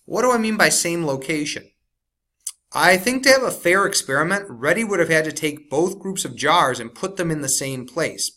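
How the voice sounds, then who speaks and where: A man teaching science, walking through a worksheet step by step and slowing down to stress key words. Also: on the high side, lively intonation, sharp tone. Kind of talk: recorded classroom lesson walkthrough.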